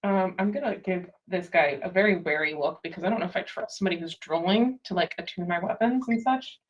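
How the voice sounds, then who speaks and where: A woman's voice: fairly low pitch, fast talker, muffled recording. A woman playing in a tabletop game, chatty and self-deprecating, laughing often. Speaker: player. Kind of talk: casual tabletop game play.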